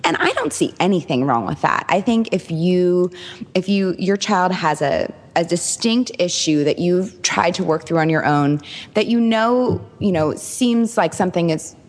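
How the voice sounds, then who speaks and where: A woman with a very low voice chats on a parenting panel. She explains things quickly and earnestly. Her voice carries a long reverb. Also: lively intonation. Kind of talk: casual chat.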